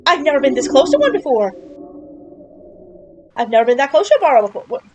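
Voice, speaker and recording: A woman with a high, bouncy voice talks through a video game, chatty and jokey, often breaking into exclamations. A faint hiss runs under the recording. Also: very animated, fast talker, a little mellow, muffled recording. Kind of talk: casual game playthrough commentary.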